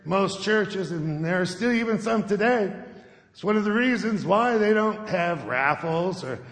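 Brief: male pastor, conversational sermon storyteller, raised pitch, echoey sanctuary. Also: animated, measured pace, vocal fry, a bit bright. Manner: conversational storytelling, often checks in with "okay?". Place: church sanctuary. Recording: echoey sanctuary with long reverb.

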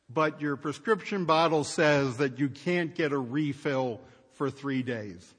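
A man's voice: a little high, long reverb tail. A male pastor giving a sermon, telling an everyday story with wry, exasperated rhetorical questions.

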